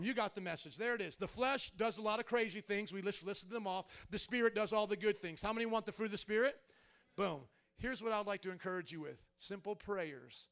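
A man preaching a sermon as pastor, asking the congregation questions and rising into loud, fervent prayer. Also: high-pitched, creaky. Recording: church service audio with music behind.

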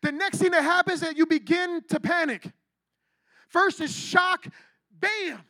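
A man preaching with a strikingly high, bright and forceful voice, recorded close and dry. He talks in an animated, slangy way and acts out people's panicked reactions. It is a lively youth sermon rather than a formal one. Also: normal speed, no room sound.

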